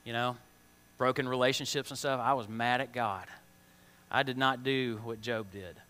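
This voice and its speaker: The teacher's medium-pitched voice is steady and sharp, moving at normal speed. He leads a children's Bible lesson conversationally, asking questions in plain, slangy language, and the large hall gives it a long reverb.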